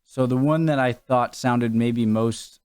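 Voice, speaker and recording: A man's voice: mid-range voice, fairly even intonation, a little slow, a little mellow, clear, resonant tone. A man from New England reacting casually to a video, musing aloud with many fillers and restarts. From New England, USA.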